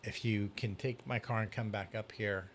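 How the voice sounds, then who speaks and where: Low-voiced man telling a story. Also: moderate pace, slight background noise. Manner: animated storyteller, acts out dialogue. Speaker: youth pastor. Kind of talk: casual storytelling.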